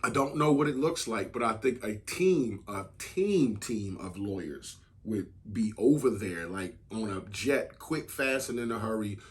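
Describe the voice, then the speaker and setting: A man's voice: on the low side, expressive, unhurried, hardly any pauses. A man co-hosting a podcast, talking bluntly in casual chat and swearing freely. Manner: blunt, swears freely, speaks in emphatic bursts. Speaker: podcast co-host.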